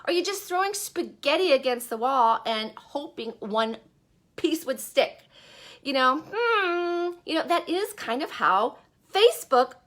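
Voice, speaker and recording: A woman's voice: sits high, animated, a little slow, fairly bright tone. A woman giving a chatty, upbeat live-stream talk as an online business coach. She speaks from a bedroom in her house and often puts questions to her viewers.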